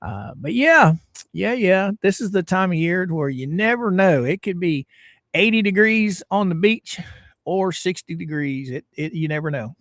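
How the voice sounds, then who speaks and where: A middle-aged man from Florida, hosting a casual livestream and greeting his viewers in a folksy, drawn-out way. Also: sits high, dry recording, studio quality. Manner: folksy, drawn-out greetings, lively ups and downs. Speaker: livestream host.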